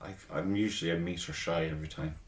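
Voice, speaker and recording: A man's voice: low voice, steady tone, a little fast. A man chatting casually as a podcast host, profane and self-mocking. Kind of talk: casual chat. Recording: roomy echo.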